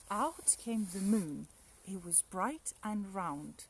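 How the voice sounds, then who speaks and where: A woman teacher reading a rhyming picture book aloud with expressive, rhythmic storytelling. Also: mid-range voice, slow pace, slight background noise.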